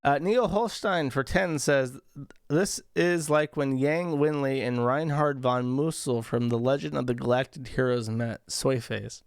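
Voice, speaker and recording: A man's voice: medium pitch, a little slow, clear, resonant tone, no room sound, studio quality. A man on a casual livestream reads viewer donation messages aloud and riffs on them in a crude, profane, sarcastic way. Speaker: streamer reading viewer donations.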